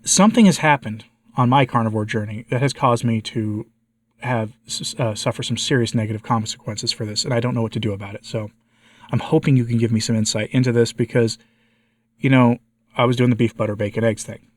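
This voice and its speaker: An American man with a congested and slightly hoarse voice, giving a candid personal update to his viewers and asking them for advice. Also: mid-range voice, a little fast, no room sound. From United States. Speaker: vlogger, channel host.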